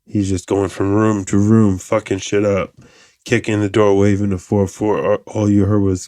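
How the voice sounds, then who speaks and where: Podcast host in his 30s, low-pitched man, loose profane monologue, dry booth sound. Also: moderate pace, no room sound. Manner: profane, rambling, animated asides. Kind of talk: casual monologue.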